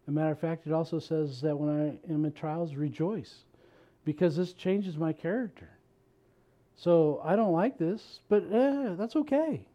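A man's voice: on the high side, measured pace, dark tone, highs cut off. A male pastor preaching a sermon in a conversational, joking way, laughing at himself now and then.

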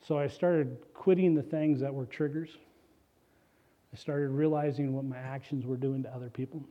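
A man's voice: medium pitch, fairly even intonation, normal speed, mellow, dull audio. A middle-aged man preaching a sermon, telling his own story in an earnest, personal way and reading scripture aloud. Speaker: pastor.

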